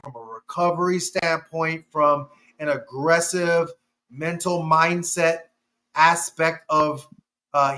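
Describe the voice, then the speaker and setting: Slow, bright-voiced male podcast co-host. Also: fairly high pitch. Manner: measured, methodical, lists points one by one. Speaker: podcast co-host, injury analyst. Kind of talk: casual sports podcast chat.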